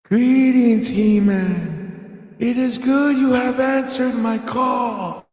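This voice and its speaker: A man voicing a wise female sorceress in a slow, drawn-out falsetto. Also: darkish tone, roomy sound, long reverb tail, full character voice. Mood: solemn.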